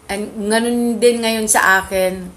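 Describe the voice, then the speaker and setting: A woman's voice: medium pitch, steady tone, a little slow, fairly bright tone, a little hiss or hum. Rambling Filipino-accented woman host. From Philippines. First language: Ilocano. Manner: rambling, with many fillers and repeated phrases. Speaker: channel host. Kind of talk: casual monologue mixing English and Tagalog.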